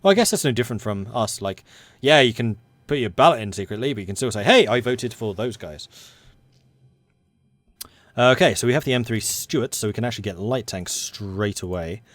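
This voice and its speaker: A man's voice: on the low side, expressive, fast talker, hardly any pauses, dry recording. A man streaming a strategy game, reading the event text in a put-on American accent that slips now and then, with chatty asides to his viewers. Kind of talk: live gameplay commentary.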